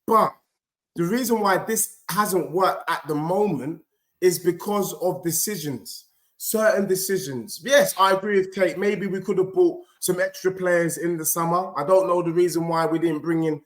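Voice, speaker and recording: A man on a fan panel calmly defending his team's manager against criticism. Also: high voice. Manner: defensive, measured arguing.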